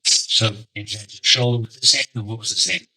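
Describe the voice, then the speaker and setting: Brief: male defense attorney, measured probing questions, low tense voice. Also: steady tone, pushed and bright, slightly rough, poor audio. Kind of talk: courtroom questioning.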